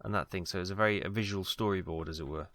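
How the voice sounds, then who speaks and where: On a dry-sounding close mic at home, a British let's play host from Wales talks very fast in a deep, fairly bright voice. His commentary on the game he plays is casual and rambling, with lots of ums and asides.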